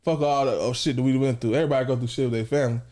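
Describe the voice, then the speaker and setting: A man in his twenties with a high-pitched voice, co-hosting a podcast in casual, slangy, animated chat. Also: rapid-fire. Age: 20s. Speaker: podcast co-host.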